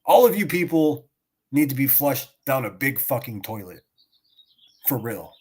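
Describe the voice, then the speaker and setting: A man's voice: mid-range voice, sing-song, a little slow, darkish tone, breathy edge. Guy streaming, ranting and taunting, sarcastic mocking laughs, mid voice. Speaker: streamer reacting to clips. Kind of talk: profane mocking rant.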